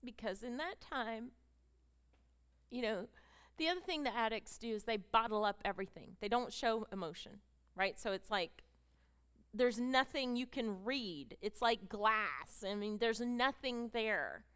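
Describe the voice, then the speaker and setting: A middle-aged woman speaks on stage, giving a heartfelt personal testimony to a women's gathering. Her voice is bright and crisp, and she brings the story to life with emotional delivery and acted-out dialogue. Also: fairly high pitch. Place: stage presentation with slides.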